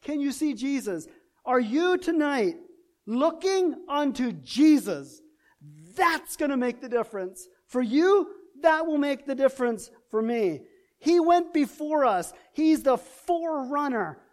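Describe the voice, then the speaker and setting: A man's voice: very high voice, big pitch swings, measured pace. A man preaching a sermon in an impassioned way, building through repeated rhetorical questions.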